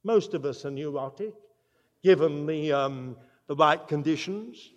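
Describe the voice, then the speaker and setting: A man preaching a sermon, emphatic, swinging from loud declarations to quiet asides. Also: on the high side, measured pace, big-room sound, lo-fi sound.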